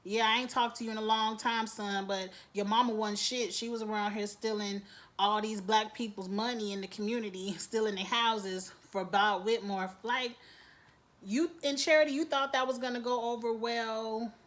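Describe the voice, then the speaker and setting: Sassy animated woman recapping TV. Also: fairly high pitch, moderate pace. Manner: sassy, animated, mimics characters, laughs often. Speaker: TV recap reviewer. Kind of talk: casual TV episode recap.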